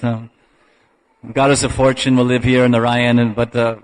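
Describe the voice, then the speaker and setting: A man telling devotional stories in a lecture, unhurried and halting, with restarts and soft laughs. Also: mid-range voice, level tone, rough recording. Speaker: spiritual lecturer.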